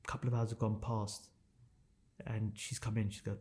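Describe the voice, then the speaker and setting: A man's voice: on the low side, level tone, normal speed, darkish tone, a little hiss or hum. A man in his thirties, a podcast guest telling a painful personal story in a raw, intense way, swearing and repeating phrases for emphasis.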